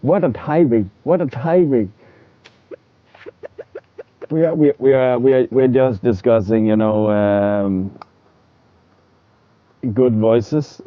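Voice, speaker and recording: A man with a mid-range voice chats casually with viewers while streaming a game, taking it slowly with long pauses, rambling, repeating words and laughing often. He is from a country that uses military time, and the stream audio is dull and lo-fi with no room sound.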